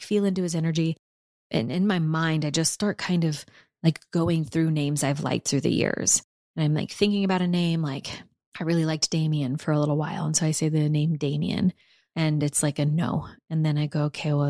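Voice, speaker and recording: A woman's voice: fairly low pitch, a little mellow, no room sound, clean studio sound. A woman in her thirties, hosting a podcast and telling a personal story in an emotional, candid, rambling way. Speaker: podcast host.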